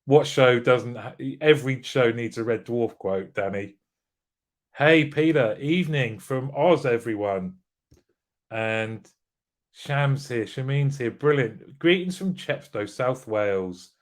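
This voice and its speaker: A British man hosts a live show from a small room, chatting in a relaxed, unhurried way. He greets viewers by name, jokes about their comments and keeps the talk friendly. His voice sits at an ordinary middle pitch. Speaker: livestream host.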